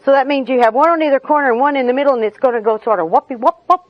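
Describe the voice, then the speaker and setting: Speaking at a recovery meeting, this middle-aged woman races through humorous personal tales in a high-pitched voice, laughing through them in a folksy way. The lo-fi recording sounds dull and includes the audience, with no room sound.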